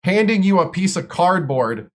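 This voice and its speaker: A man's voice: sits high, lively intonation, moderate pace. A man from Wisconsin, a streamer, telling long stories in casual chat with lots of fillers and restarts. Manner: rambling, filler-heavy storytelling.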